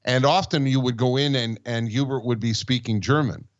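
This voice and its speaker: A man's voice: medium pitch, fairly even intonation, normal speed, highs cut off. Rambling older man telling stories. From Montreal, Canada. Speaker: podcast co-host. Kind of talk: casual storytelling chat.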